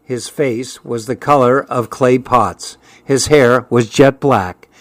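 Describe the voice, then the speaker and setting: A man narrating an audiobook in a steady, even reading voice at a middle pitch. The recording is dry and close, with no room sound. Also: slow, no room sound.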